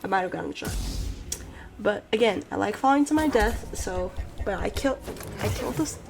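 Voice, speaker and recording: A woman's voice: mid-range voice, expressive, fairly quick, gravelly, soft background music, poor audio. A woman hosting a let's play, narrating her playthrough in rambling, self-deprecating casual commentary. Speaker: gaming channel host.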